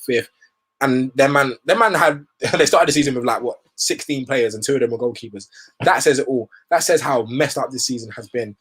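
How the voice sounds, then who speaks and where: A man's voice: medium pitch, slightly rough. A young man hosting a football show, giving rambling, opinionated commentary in casual slang.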